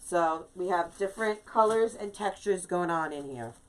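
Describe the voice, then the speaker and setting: A woman's voice: fairly low pitch, lively intonation, normal speed. A middle-aged woman hosting a live craft video, chatting casually while she works and greeting viewers by name. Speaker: craft livestream host.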